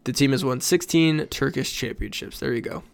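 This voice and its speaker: A man with a smooth, resonant voice chats on a sports podcast. He stays matter-of-fact and a little dry, passing along facts in an easy conversational tone. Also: mid-range voice, normal speed. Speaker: podcast co-host. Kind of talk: casual sports podcast chat.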